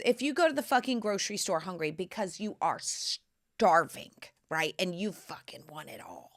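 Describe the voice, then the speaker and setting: A woman hosting a podcast, telling candid, profane stories in a brash, animated way. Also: on the low side, moderate pace. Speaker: podcast host. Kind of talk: candid storytelling monologue.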